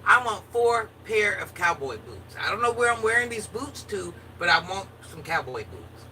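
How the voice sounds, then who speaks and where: A woman's voice: mid-range voice, big pitch swings, normal speed, pushed and bright. A woman chatting casually with her viewers in a playful, joking manner. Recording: distant mic with faint background noise.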